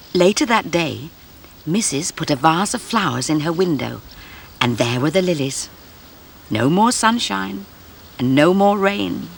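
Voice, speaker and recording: A woman reading a children's story aloud, slow and unhurried. Her pitch rises and falls widely, and her voice carries a slight gravelly texture. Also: a little hiss or hum. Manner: gentle, slow and expressive. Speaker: storyteller presenter.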